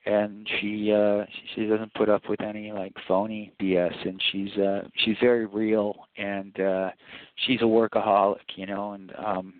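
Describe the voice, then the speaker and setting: Man, interview guest, rambling stories, lower voice, tinny phone sound. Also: a little slow. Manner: rambling, animated anecdotes with laughs and acted quotes. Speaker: filmmaker guest. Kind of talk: casual interview storytelling.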